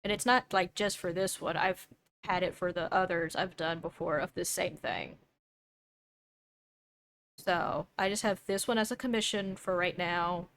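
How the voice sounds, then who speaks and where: A woman's voice: on the low side, steady tone, measured pace, fairly bright tone, a little hiss or hum. Rambling young woman drawing on stream. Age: young adult. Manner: rambling and self-doubting, thinking aloud. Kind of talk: casual chat while drawing on stream.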